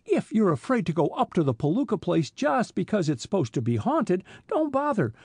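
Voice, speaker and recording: A man doing a smooth, determined teen sleuth. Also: sits high, sing-song, normal speed, darkish tone, no room sound, studio quality, pitched above the performer's own voice, exaggerated voice. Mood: persuasive. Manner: smooth, persuasive. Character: clever, determined teenage boy detective.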